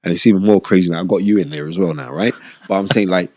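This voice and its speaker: A middle-aged man, a podcast host, telling stories from his boxing past in an animated, emphatic way, repeating phrases and often asking "you know what I mean". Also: low voice, quick pace, creaky, no room sound. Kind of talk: conversational storytelling.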